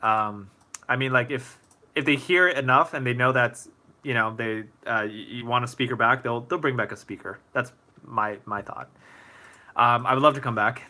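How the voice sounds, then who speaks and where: A young man with a bright, forceful voice hosts a casual livestream Q&A, talking straight to his viewers. He rambles a little, leaning on fillers and restarting his sentences as he thinks aloud, and his pitch sits in the middle for a man. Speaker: motivational speaker answering viewer questions. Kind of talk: casual live Q&A.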